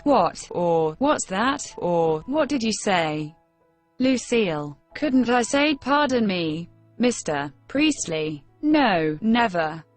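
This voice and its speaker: A woman reads an English lesson aloud at a very slow, careful pace. Her pitch sits in the middle, and her delivery is measured, like dictation for learners. Soft music plays faintly behind her. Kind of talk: slow textbook reading for learners.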